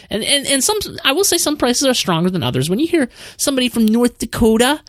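Rambling Midwestern man, lively pitch. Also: quick pace, hardly any pauses, no echo, studio quality. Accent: Midwestern American. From American Midwest. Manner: rambling, many restarts and repeated words. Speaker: podcast host. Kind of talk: casual movie review chat.

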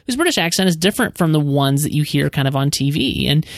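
A man's voice: on the high side, animated, fast, no echo, studio quality. A man, hosting a casual podcast discussion and thinking aloud in a rambling way with many restarts. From United States. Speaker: podcast host.

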